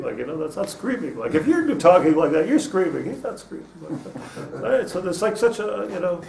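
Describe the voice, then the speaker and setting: A man's voice: sits high, sing-song, a little fast, vocal fry, hardly any pauses, crowd noise. A man, a rabbi, giving an informal class to students, chatty and restarting his phrases, with Hebrew terms mixed in. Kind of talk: informal Torah lecture. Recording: roomy echo, mic at a distance.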